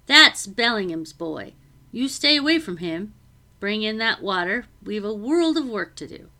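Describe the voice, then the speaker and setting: A woman reading aloud, voicing a bossy, chattering middle-aged housekeeper who scolds in brisk, rough speech. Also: medium pitch, sing-song, sharp tone, exaggerated voice. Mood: scolding.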